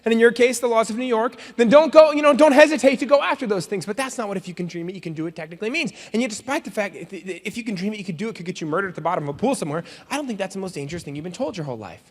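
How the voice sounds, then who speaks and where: A man with a high, bright voice speaks at a quick clip in a motivational keynote to young people. He jokes and acts out little scenes as he goes. His words ring with a long reverb from a large convention hall. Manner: joking, animated storyteller who acts out scenes. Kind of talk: comedic keynote speech to students.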